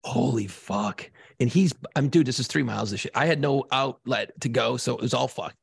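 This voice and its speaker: Gravelly, profane man telling a story. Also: medium pitch, a little fast. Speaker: podcast co-host. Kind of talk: casual storytelling.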